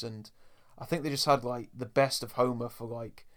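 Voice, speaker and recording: A man's voice: mid-range voice, level tone, a little fast. A man hosting a podcast in casual chat, talking to listeners as folks. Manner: chatty, addresses listeners as folks. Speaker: podcast host.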